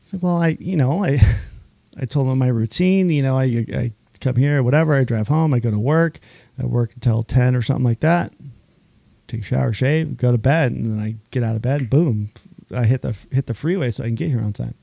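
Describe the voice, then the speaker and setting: Gravelly, mellow-voiced chef telling stories. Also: male voice, mid-range voice, fairly quick, no room sound. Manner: animated storyteller, acts out quoted dialogue, laughs often. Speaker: chef, podcast guest. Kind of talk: casual interview chat.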